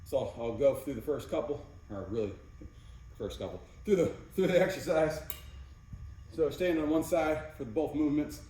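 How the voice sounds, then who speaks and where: A man's voice: fairly high pitch, normal speed, mellow. A man giving casual workout instruction as a fitness coach, counting reps between exercise cues. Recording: very echoey room, mic far off, faint noise.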